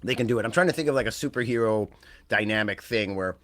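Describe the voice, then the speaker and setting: A man's voice: on the low side, fast talker, a bit bright, no room sound. A man co-hosting a wrestling podcast, talking in a rambling, casual way that trails off and restarts. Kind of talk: casual chat.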